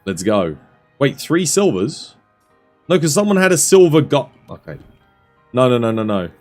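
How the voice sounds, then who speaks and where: A man's voice: mid-range voice, very animated, normal speed, a little mellow, soft background music. A young Australian man casually chatting on a game stream, laid-back and chatty as he explains tips to viewers. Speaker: streamer and coach. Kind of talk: casual gameplay stream chat.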